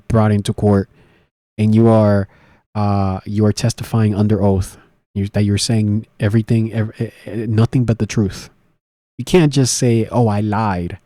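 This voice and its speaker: Male commentator, casual solo talk, low mellow voice, halting and rambling delivery, dry close recording. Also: dry recording. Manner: rambling, many fillers and restarts. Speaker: political commentary host.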